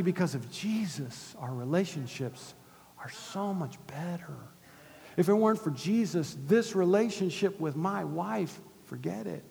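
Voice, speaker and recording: A man's voice: high voice, creaky. Preaching man in a reverberant church hall. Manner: conversational preaching with big swings from soft to loud. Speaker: pastor. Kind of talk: sermon.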